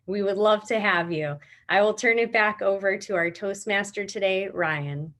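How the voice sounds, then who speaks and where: A woman evaluating a speech at a club meeting, giving measured, encouraging feedback over a video call. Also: mid-range voice, fairly bright tone.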